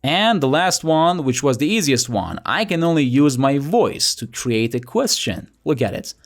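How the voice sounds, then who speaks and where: Young man, teacher, playful rhetorical questions, very lively pitch, soft music behind. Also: moderate pace. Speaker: language teacher. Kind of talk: scripted lesson narration.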